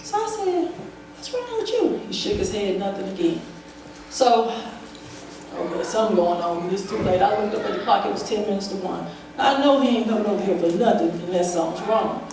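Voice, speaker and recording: Woman, church testimony; lively storyteller who acts out every voice; mic set back, very roomy hall sound. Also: medium pitch, brisk. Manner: vivid storyteller, acts out the dialogue. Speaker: church member giving testimony. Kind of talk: personal testimony at a church service. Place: church sanctuary. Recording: very echoey hall, voice from far off, faint noise.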